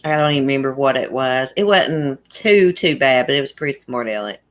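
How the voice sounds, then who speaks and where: A woman with a deep, low voice and a thick Appalachian country accent, from a small mountain town in Southwest Virginia. She hosts a relaxed livestream, chatting folksily with her viewers and laughing easily. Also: fairly quick. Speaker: YouTube livestream host. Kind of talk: casual livestream chat reading comments.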